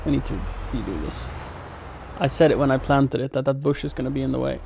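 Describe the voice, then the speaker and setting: A man's voice: medium pitch, quick pace, gravelly, a little mellow, breathy edge. A young man from Sweden streaming a farming game, chatting casually and rambling with self-mocking asides. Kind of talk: casual gameplay commentary.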